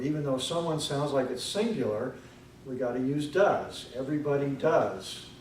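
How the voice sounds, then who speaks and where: A man evaluating speakers' grammar at a club meeting, correcting words with a dry joking manner and slow careful pronunciation. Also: medium pitch, darkish tone, slight background noise. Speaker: grammarian and ah counter. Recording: echoey room from far off.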